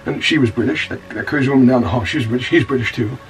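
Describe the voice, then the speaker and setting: Actor as a stammering, foul-mouthed rogue narrator, mid-pitched, off-mic. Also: male voice, rapid-fire, far from the mic, faint music behind, natural voice, low-quality recording. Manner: rambling, stammering storyteller, blunt and profane. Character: rough-talking scoundrel man telling a wild story.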